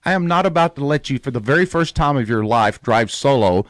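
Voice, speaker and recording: A man's voice: medium pitch, fairly quick, no room sound, studio quality. A man hosting a radio show, telling a long story in casual talk and acting out the voices of the people in it. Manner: animated storyteller, acts out quoted voices.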